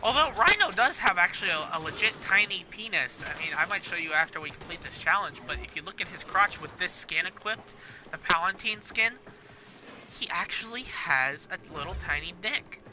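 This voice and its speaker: A man's voice: high-pitched, lively intonation, moderate pace, background noise. A teenage boy giving live gameplay commentary, rambling and making crude jokes with frequent giggles. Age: teens. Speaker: gaming streamer. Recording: loud game music behind voice.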